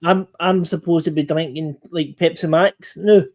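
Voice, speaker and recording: A man's voice: fairly high pitch, fairly even intonation, normal speed. A British man hosting a casual chat, eager to jump in with his own comments and tips. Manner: chatty, eager interjections. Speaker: host.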